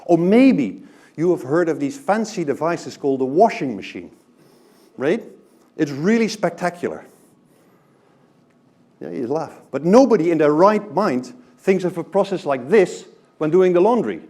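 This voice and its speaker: A man's voice: fairly high pitch, very animated, a little slow, pauses often, mellow. A man giving a conversational talk to a live audience, often checking in with the room by asking "right?". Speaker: presenter.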